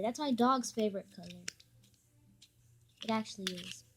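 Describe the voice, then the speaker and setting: A woman's voice: mid-range voice, moderate pace, noisy background. A woman vlogging a casual spoof unboxing, chatty and mock-annoyed as she complains.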